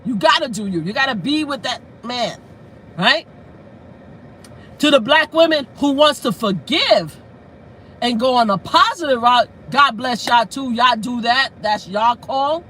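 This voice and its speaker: A woman hosting a casual live stream. She talks in an outspoken, animated way, swears freely, slips into laughter while telling stories and sometimes loses track of names. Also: on the high side, measured pace, a little hiss or hum, rough recording. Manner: breaks into laughter while storytelling. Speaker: livestream host.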